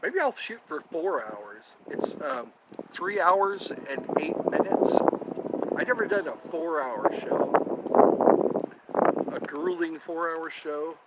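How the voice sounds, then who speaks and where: A man's voice: a little high, lively intonation, slow, very noisy. A man hosting a casual solo livestream from outdoors near his home, rambling and repeating himself as he thinks aloud. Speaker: livestream host.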